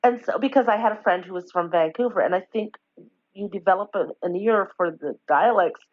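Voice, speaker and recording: At a medium pitch and a slightly quick pace, a woman from Newfoundland, Canada, rambles through a casual podcast chat, self-correcting and telling warm stories with laughs. The audio is dry and dull, typical lo-fi podcast quality.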